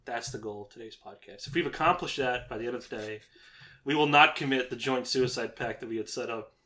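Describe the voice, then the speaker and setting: A man's voice: mid-range voice, a little fast, sharp tone. A man hosting a casual tabletop-gaming podcast, joking, laughing often and slipping into silly voices. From Canada. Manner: jokey, laughs often, slips into goofy voices. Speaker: podcast host.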